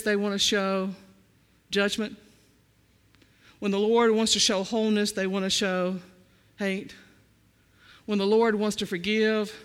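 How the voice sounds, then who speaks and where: High-voiced preacher in a reverberant hall. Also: male voice, fairly bright tone. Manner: rhythmic, repetitive preaching that calls out to the congregation. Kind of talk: sermon.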